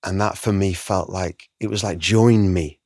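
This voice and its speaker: A middle-aged man with a very low voice tells his story in an interview. He is animated and emotional, and he slips into the voices of the people he quotes. The room sounds dry and close. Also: moderate pace, vocal fry, husky, no echo. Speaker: guest artist.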